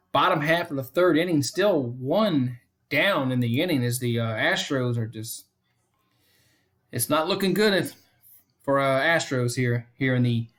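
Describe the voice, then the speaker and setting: A man calls a game pitch by pitch for his own fan stream, in a casual, unpolished way. He keeps restating the count and score and turns aside to chat with viewers between pitches. His voice sits at an ordinary middle pitch for a man. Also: a bit bright. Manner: repeats the count and score often. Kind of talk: casual play-by-play commentary.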